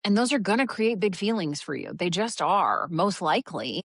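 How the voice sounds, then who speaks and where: A woman's voice: lowish voice, animated, moderate pace, dry recording, clean studio sound. A middle-aged woman co-hosting a casual parenting podcast, chatty and quoting herself in a sing-song voice. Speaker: podcast co-host.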